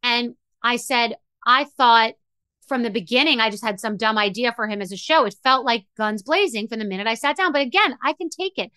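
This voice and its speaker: A woman's voice: on the high side, fairly quick, pushed and bright, clean tone, no room sound. A middle-aged woman hosting a podcast, telling a story in a candid, emotional, rambling way with many restarts. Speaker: podcast host. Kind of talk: candid monologue.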